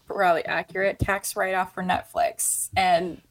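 A woman's voice: lowish voice, level tone, normal speed, a little hiss or hum, rough recording. A woman co-hosting a casual geek chat show, chatty and playful, laughing easily. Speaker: co-host.

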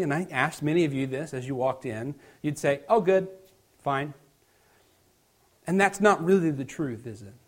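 Middle-aged male pastor, slightly high voice, relaxed storytelling sermon with quiet emphatic drops.

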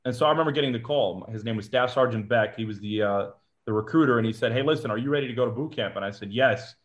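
A man from Georgia talks quickly and casually as an interview guest, recounting his time as a Marine. He acts out what people said and scatters "like" and "uh" through his speech. His pitch is average for a man. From Georgia, USA. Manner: chatty, acts out quotes, frequent "like" and "uh" fillers.

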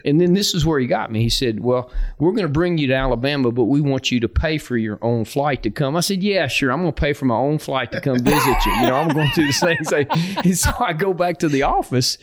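A man's voice: on the high side, a little fast, hardly any pauses. Folksy man telling coaching stories. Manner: folksy and animated, laughing through anecdotes; acts out dialogue in his stories. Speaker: football coach guest. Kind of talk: storytelling in a podcast interview.

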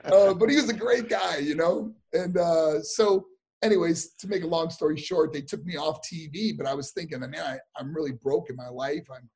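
A man being interviewed, telling animated stories about his past career, with many fillers and acted-out voices. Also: fairly high pitch, normal speed, husky. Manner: animated, acts out voices in anecdotes, frequent fillers. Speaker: interview guest, former wrestler. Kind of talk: casual storytelling.

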